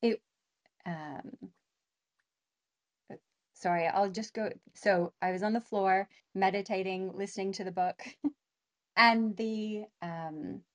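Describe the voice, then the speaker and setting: A middle-aged woman from Canada, interviewed as a guest, speaks slowly in a mid-range voice and pauses often. Her emotional personal story comes out animated, with acted-out voices and many fillers.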